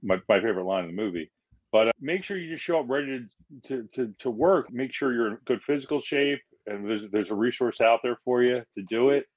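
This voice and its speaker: A firefighter from Philadelphia, a man telling stories as a podcast guest, acting out the people he quotes in lively voices. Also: mid-range voice, brisk, no echo, lo-fi sound. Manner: animated, acts out quotes in changing voices. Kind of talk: casual storytelling in a podcast interview.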